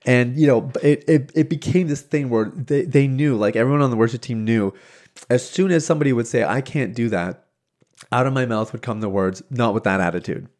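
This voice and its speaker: Male podcast host, animated storyteller, mid-range pitch, restarts a lot, laughs easily. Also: fairly quick. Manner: animated, acts out quoted voices, laughs easily; frequent restarts and filler words. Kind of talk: casual storytelling monologue.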